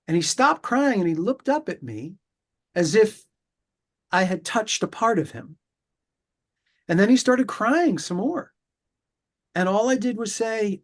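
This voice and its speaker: A middle-aged man from New York, a pediatrician, explaining his views in a measured, reflective way, with pauses and restarts. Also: sits high, lively intonation. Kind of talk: conversational interview explanation.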